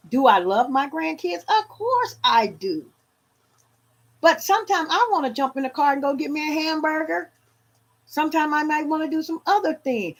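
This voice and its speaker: A woman in her fifties from Louisiana with a Southern accent, chatting casually to her viewers on a home livestream. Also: high-pitched. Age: 50s. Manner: animated, talks straight to viewers as "y'all". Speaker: livestream vlogger.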